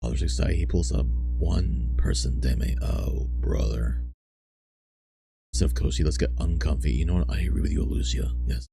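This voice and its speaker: A man streaming, chatting softly and bluntly with viewers on a close microphone, teasing and swearing. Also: sits low, fast talker, gravelly, few pauses, music in the background. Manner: blunt, profane, teasing chat. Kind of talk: soft-spoken ASMR stream chat. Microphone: close desk microphone.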